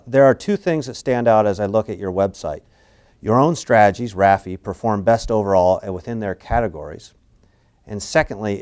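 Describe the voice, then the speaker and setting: A man's voice: lowish voice, darkish tone. A man moderating a webinar question-and-answer section, reading out audience questions with frequent hesitant fillers.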